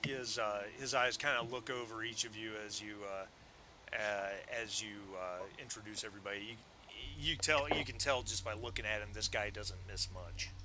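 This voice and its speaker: A man narrating as game master of a tabletop game, rambling with many pauses and restarts. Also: lowish voice, background noise.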